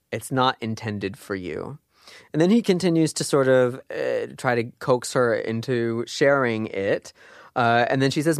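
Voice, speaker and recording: A man's voice: medium pitch, dry recording, studio quality. A man teaching a language lesson in a casual, chatty way, full of fillers and asides.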